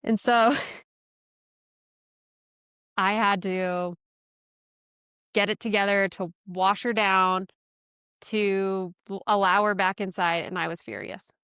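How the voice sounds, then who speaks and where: Chatty woman with a smooth, crisp voice. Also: mid-range voice, fairly even intonation, slow pace, pauses often, fairly bright tone, no room sound, clean studio sound. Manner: chatty, self-deprecating, laughs often. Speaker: podcast host. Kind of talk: casual personal storytelling.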